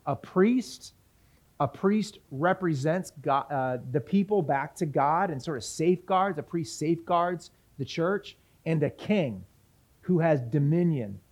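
Male pastor teaching scripture, higher-pitched voice, casual questions to the congregation. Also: expressive, unhurried, a little mellow. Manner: conversational teaching with questions to the audience; reads scripture aloud. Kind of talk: sermon, Bible teaching.

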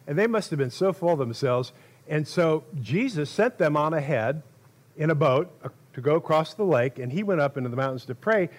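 Animated man preaching a sermon. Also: medium pitch. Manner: animated storytelling, acts out quotes loudly; laughs between phrases.

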